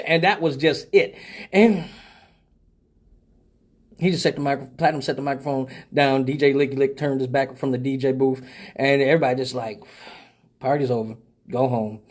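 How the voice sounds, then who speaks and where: A man hosting a live show, telling a profane story in a casual, animated way and laughing often. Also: mid-range voice, moderate pace, pauses often. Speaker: host of a live call-in show.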